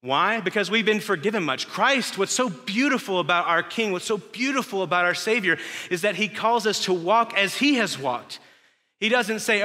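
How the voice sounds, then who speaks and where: A man's voice: high voice, animated, moderate pace, pushed and bright. Young male preacher in an echoey hall. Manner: conversational, emphatic, rhetorical questions. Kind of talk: sermon. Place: church sanctuary.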